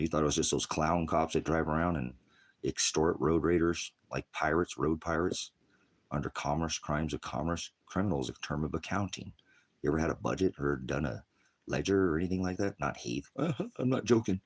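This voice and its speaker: A man's voice: a bass voice, husky. A retired male pastor preaching in a rambling, combative rant that jumps from topic to topic. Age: older.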